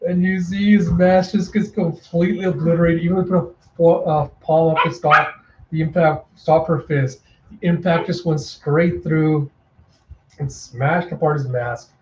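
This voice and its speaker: A man hosting a casual manga readthrough, with emotional, excitable asides, in a roomy home recording. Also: on the high side, a little slow, dull audio, background noise. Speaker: comic readthrough host.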